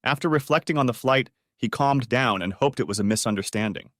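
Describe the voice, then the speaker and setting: A man's voice: mid-range voice, brisk, fairly bright tone, no echo, clean studio sound. Man narrating a story audiobook.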